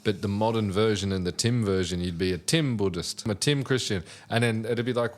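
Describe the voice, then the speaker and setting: A man's voice: lowish voice, fairly quick, few pauses. A man co-hosting a podcast, in laid-back, joking casual chat. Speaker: podcast co-host.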